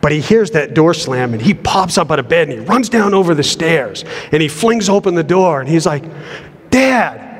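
A man's voice: on the high side, animated, brisk, hardly any pauses. A middle-aged man preaching a sermon in an earnest manner, often repeating words as he builds a point, heard in a church sanctuary. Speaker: pastor. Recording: long hall reverb.

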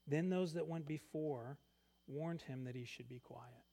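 A man preaching a sermon, reading scripture aloud and swinging between loud emphatic lines and quiet asides. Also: fairly high pitch, a little slow. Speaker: pastor.

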